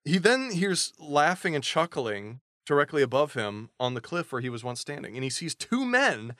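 A man co-hosting a podcast, casually retelling a novel's plot with quick voiced asides. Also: fairly high pitch, sing-song, fairly bright tone, no room sound, studio quality. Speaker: podcast co-host recapping a novel. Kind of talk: casual chat.

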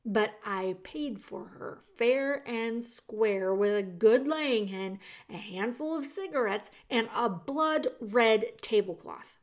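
A woman's voice: fairly high pitch, expressive, slow pace, few pauses. A woman reading aloud, voicing a bitter, complaining old uncle who grumbles indignantly.

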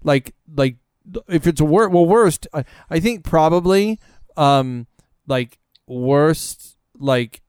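A man's voice: a little high, lively intonation, takes it slowly, darkish tone, clear, resonant tone, no room sound, clean studio sound. A young man hosting a podcast, chatting casually in a rambling, profane way full of filler words. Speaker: podcast host. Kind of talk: casual comedic chat.

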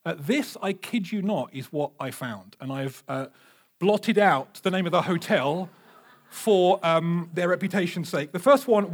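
A man, preaching a sermon with animated, humorous storytelling. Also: sits high, unhurried. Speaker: pastor.

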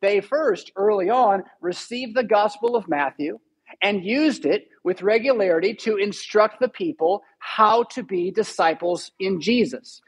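A man's voice: high voice, a little slow, breathy edge, poor audio. A male pastor giving a sermon in a church, teaching steadily and stressing key words. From United States.

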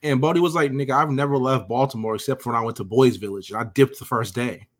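A man's voice: medium pitch, quick pace. A man co-hosting a podcast, casually recapping scenes in a profane, joking way. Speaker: podcast co-host.

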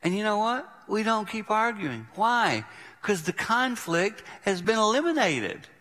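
A man's voice: high-pitched, sing-song, a little slow, pushed and bright. Middle-aged guy preaching, storytelling style, long hall reverb. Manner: storytelling, acting out quotes, conversational. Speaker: pastor. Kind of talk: sermon.

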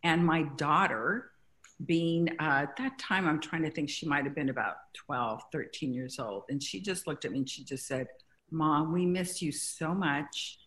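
A middle-aged woman from Mexico, a guest in an interview, telling stories with halting restarts. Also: deep voice. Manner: warm storytelling, grows emotional, halting restarts. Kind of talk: conversational interview.

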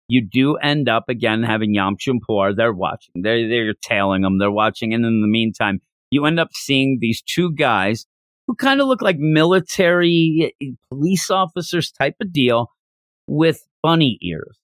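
Casual male podcast host, middle pitch, dry close sound, rambly, acts out bits. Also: dry recording. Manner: rambling, animated, acts out quotes. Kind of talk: casual manga discussion.

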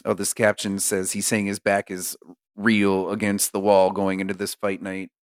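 A man's voice: on the low side, completely flat delivery, normal speed, smooth, no room sound, studio quality. A man from Maine co-hosting a podcast in casual, profane banter, laughing often. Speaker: podcast co-host. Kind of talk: casual chat.

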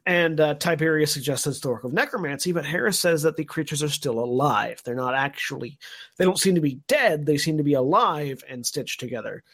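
Brief: male podcast co-host, slightly high voice, meandering recap with lots of ums. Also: animated, fairly quick, a bit bright. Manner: thoughtful, recaps at length with many fillers. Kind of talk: casual podcast discussion.

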